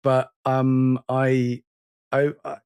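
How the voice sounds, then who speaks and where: A man co-hosting a podcast in casual chat, halting and repeating words as he searches for them. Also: mid-range voice, monotone, darkish tone, clean tone.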